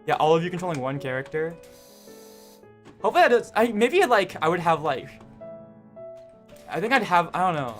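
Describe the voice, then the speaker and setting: A man's voice: a little high, big pitch swings, a little fast, pauses often, a bit bright, faint music behind. A young man chatting with his live-stream viewers in a casual, rambling way, full of fillers and restarts.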